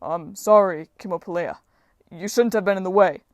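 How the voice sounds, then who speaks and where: A woman reading an audiobook voices a brutish male sea giant who shouts in slow, heavy outbursts. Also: fairly low pitch, dry recording, studio quality, natural voice. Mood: bellowing.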